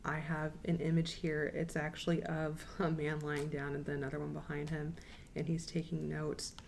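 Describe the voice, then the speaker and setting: Young woman student presenter, low gravelly voice, slow repeated quiz readout, faint room noise. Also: a little mellow. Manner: measured, repeats questions and options slowly, frequent ums. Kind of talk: recorded class presentation with quiz questions.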